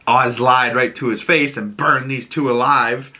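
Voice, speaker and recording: A man hosting a podcast who gives a casual, excitable recap of a TV episode, often laughing and using lots of filler words. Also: mid-range voice, measured pace. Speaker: podcast host.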